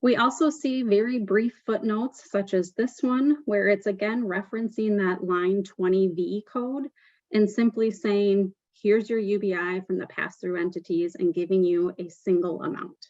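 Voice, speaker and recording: Woman presenter, mid pitch, steady explanatory delivery with fillers, dry muffled webinar sound. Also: normal speed, no echo.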